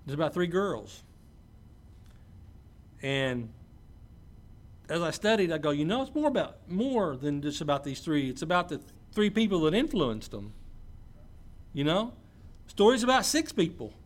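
Preacher, slightly high voice. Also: male voice, sing-song, measured pace, long pauses. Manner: conversational asides, checks in with listeners. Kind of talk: sermon with scripture reading.

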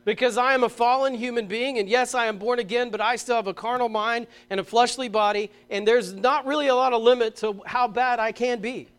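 A middle-aged man preaching a sermon, telling stories with animated, emphatic bursts and reading scripture slowly. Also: extremely high pitch, clear, resonant tone. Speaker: pastor.

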